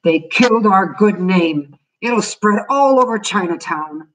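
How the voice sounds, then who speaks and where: A woman voicing a proud, stern father who grumbles at his family in a storybook reading, with a husky voice. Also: mid-range voice, animated, a little slow, distant mic, pitched above the performer's own voice, natural voice, poor audio. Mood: stormy.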